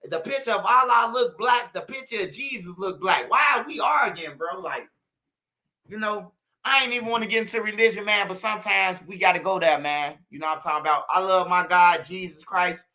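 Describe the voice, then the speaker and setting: High, bright-voiced Chicago man preaching. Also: a little fast. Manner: street slang, repetitive, preachy. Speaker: channel host. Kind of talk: casual monologue to viewers.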